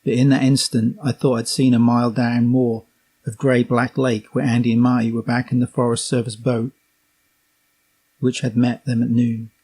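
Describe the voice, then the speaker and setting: A man with a Norfolk English accent reading a memoir aloud as an audiobook, steady and unhurried, with occasional slips. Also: medium pitch, husky. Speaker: reader.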